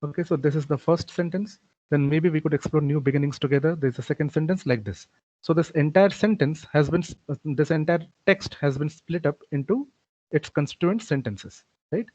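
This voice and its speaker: A man's voice: on the high side, a little fast, a little mellow, no room sound. A man giving a recorded programming lecture, explaining step by step with frequent "okay" and "uh" fillers. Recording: dull, lo-fi dry recording.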